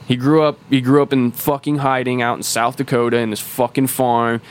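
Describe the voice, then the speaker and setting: Here a man with a clear, resonant, medium-pitched voice talks briskly and with little pitch movement. Co-hosting a podcast, he loosely explains a game's lore at length, full of profanity and false starts.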